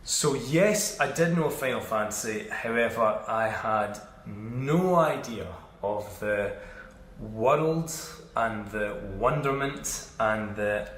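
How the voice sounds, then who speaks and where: A male voice actor giving a slow, deliberate and reflective answer on a panel. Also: fairly low pitch, lively intonation, a bit bright, echoey room.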